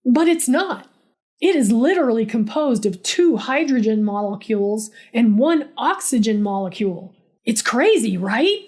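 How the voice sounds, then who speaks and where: A woman's voice: fairly high pitch, animated, slow pace, a little mellow. A woman voicing a smug, preachy male bio-hacker coworker who lectures in an earnest, condescending way. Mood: excited lecturing.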